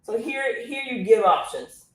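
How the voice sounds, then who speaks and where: A woman coaching viewers on a live stream, chatty and energetic, calling the audience y'all. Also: fairly high pitch, a little slow, echoey room. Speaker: online business coach.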